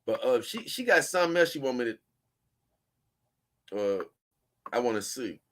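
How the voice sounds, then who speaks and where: A man's voice: mid-range voice, sing-song, moderate pace, fairly bright tone. A man, hosting a casual show, rambling and chuckling as he reads posts aloud to his viewers. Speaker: host.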